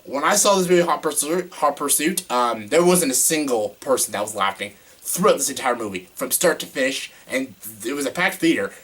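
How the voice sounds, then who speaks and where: A man's voice: mid-range voice, animated, fairly quick, fairly bright tone, slightly rough. A young man giving a casual movie review, exasperated and ranting, with lots of "like" and frequent swearing. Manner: exasperated ranting, heavy use of "like", swears often.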